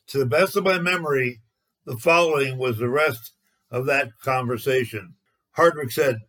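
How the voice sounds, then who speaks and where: A man's voice: on the high side, moderate pace, poor audio. Man telling a bowling memoir. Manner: steady, anecdotal retelling. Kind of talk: storytelling narration.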